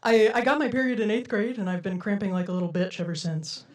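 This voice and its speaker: A young woman performs a stand-up set before a live crowd. She has a playful, giggly delivery and breaks into laughs often. Her voice sits at a middling pitch and sounds a little distant from the mic. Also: fairly even intonation, fast talker. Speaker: stand-up comedian. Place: comedy stage before a live audience.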